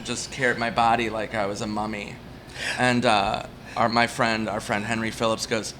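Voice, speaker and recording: A man, a comedian guest at a bar, speaks in a lowish, bright, forceful voice with a flat delivery over slight background noise. He rambles through self-mocking stories, briefly acting out the people in them with quick quotes.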